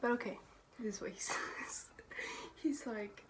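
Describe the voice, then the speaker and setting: A woman's voice: on the high side, measured pace, in a whisper. A young woman telling a storytime vlog in a casual, profane way, laughing often and filling her talk with "like". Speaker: vlogger.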